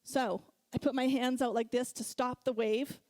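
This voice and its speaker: A middle-aged woman speaks from the pulpit in a fairly high, mellow voice, recounting a personal story with frequent laughs. The sound is dry and close, with no room echo. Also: normal speed. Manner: storytelling, laughs often, animated when recounting. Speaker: guest speaker. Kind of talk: sermon.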